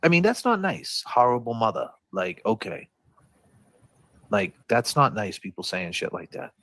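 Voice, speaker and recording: A man's voice: medium pitch, big pitch swings, moderate pace, a bit bright, no room sound. A man hosting a casual livestream over a video call, loose and chatty, talking straight to his viewers. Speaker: livestream host.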